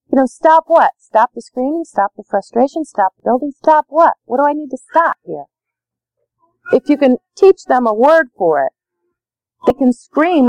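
A woman's voice: high voice, sing-song, normal speed, darkish tone, no room sound, rough recording. A woman leading a parenting workshop, talking emphatically with lots of repetition. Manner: emphatic, repetitive, acts out dialogue. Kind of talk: live workshop talk.

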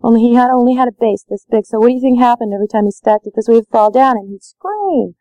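A woman's voice: a little high, fast, dark tone, dry recording, muffled recording. A woman leading a parenting workshop, talking emphatically with lots of repetition. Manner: emphatic, repetitive, acts out dialogue. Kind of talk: live workshop talk.

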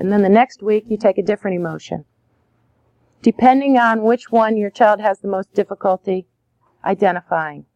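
Brief: woman, slightly high voice, dry close sound, parenting educator who acts out gentle lines to kids. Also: no room sound, muffled recording. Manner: acts out soothing phrases to children. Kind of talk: conversational teaching.

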